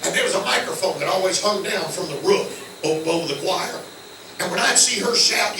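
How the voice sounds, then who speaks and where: An older man with a Southern American accent preaching a sermon, telling folksy stories that swing from hushed low tones to loud shouts. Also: noisy background. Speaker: guest preacher. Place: church sanctuary. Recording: echoey church from far off.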